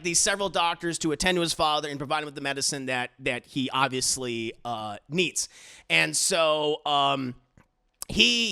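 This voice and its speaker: Young male reviewer, high gravelly voice, bright, swears and stammers through recaps. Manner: animated, profane, stammering. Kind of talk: casual episode recap.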